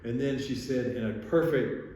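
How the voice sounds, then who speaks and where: Man, podcast host, rambling anecdotes, mid-pitched voice, far from the mic. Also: moderate pace, a little mellow. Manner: rambling, chuckling, many restarts. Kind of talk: casual chat, storytelling. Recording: echoey room, distant mic, faint noise.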